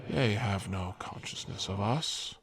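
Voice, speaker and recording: An actor playing a gentle, solemn ghost of the past in an audio drama, speaking in a slow, measured way. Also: male voice, lowish voice, breathy edge, no echo, full character voice.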